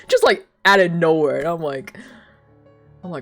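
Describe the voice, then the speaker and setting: A young woman streamer tells rambling stories in casual chat, and she laughs often. Her voice sits a little low but moves in lively swings of pitch. Faint music plays behind her. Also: normal speed. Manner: rambling storytelling with frequent laughter and filler words.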